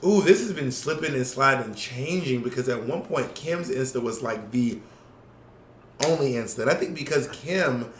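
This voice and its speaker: A man with a New York accent, co-hosting a podcast in casual chat, animated and quick to laugh. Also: medium pitch, slight background noise. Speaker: podcast co-host. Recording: echoey room with faint ambience.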